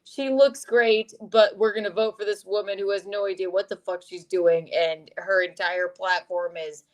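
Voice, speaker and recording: A woman's voice: medium pitch, steady tone, moderate pace, rough recording. A woman co-hosting a casual chat, sarcastic and joking, swearing and laughing often. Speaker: co-host.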